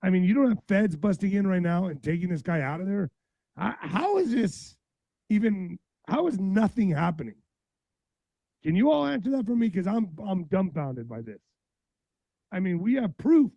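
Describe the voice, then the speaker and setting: A man hosting a profane political podcast, reading headlines and ranting bluntly as his voice wears hoarse. His voice sits a bit high yet sounds mellow and dark. The recording is dry and muffled, with a dull lo-fi quality. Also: expressive, moderate pace, dry recording. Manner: blunt, heated, reads news aloud then rants. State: voice going hoarse. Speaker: podcast host. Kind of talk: profane political livestream commentary.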